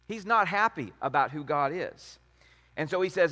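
Guy giving a sermon, chatty and lively, slightly high voice, big echoey hall. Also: normal speed. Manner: conversational, animated, acts out quotes with rising pitch. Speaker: preacher. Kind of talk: sermon on scripture.

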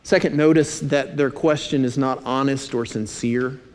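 A man preaching a sermon, emphatic, slowing to stress key phrases and dropping in dry asides. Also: medium pitch, fairly even intonation, a little mellow. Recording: long hall reverb.

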